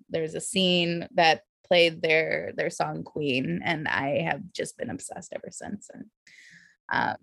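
A woman's voice: low-pitched, vocal fry, no room sound, clean studio sound. A woman from the Bay Area with a Californian accent, a podcast guest who talks casually and effusively with many fillers, sounding a little tipsy. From San Francisco Bay Area. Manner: bubbly, filler-heavy, effusive.

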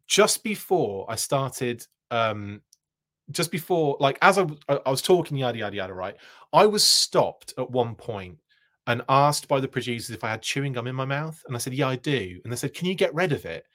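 A man hosts his own live show and tells a long, rambling anecdote at a moderate pace. His slightly bright voice is animated, rising and falling all over as he gets caught up in the tale. He laughs often and keeps starting his sentences over.

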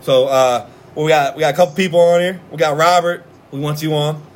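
Laid-back Philly sports podcast host. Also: male voice, a little high, fairly even intonation, brisk. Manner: loose, laughing, swearing freely. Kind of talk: casual sports podcast chat.

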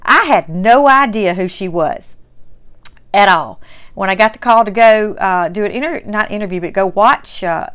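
Mississippi southern lady hosting her vlog, mid pitch, smooth clear voice, folksy and gushing. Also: animated, normal speed, fairly bright tone. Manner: folksy, enthusiastic, repeats herself for emphasis. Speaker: host. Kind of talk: chatty vlog recap.

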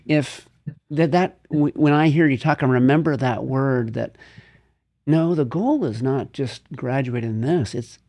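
A man with a mellow, warm voice at a middle pitch hosts an interview. He speaks in a thoughtful, measured way and sums up the guest's points. He pauses to choose his words. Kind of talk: interview conversation.

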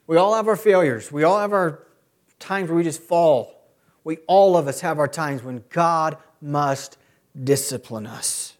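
Preaching man with a higher voice. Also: a little slow. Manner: preaching, rising to loud emphatic peaks. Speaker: pastor. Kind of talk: sermon.

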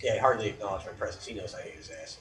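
A man co-hosting a casual chat, telling a story full of swearing and shouted outbursts. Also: lowish voice, racing, far from the mic, noisy background. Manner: profane, animated storyteller, shouts quoted outbursts. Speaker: podcast co-host.

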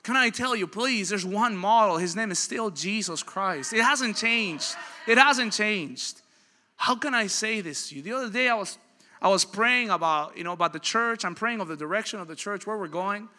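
A man in his thirties preaching a sermon, telling stories with a dynamic delivery and building to loud, emphatic peaks. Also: sits high, lively intonation, moderate pace. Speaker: pastor.

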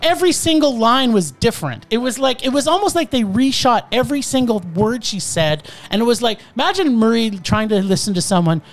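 A woman's voice: fairly high pitch, big pitch swings, brisk, few pauses. A woman hosting a casual film-review chat, ranting with exasperation and swearing. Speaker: podcast host reviewing films.

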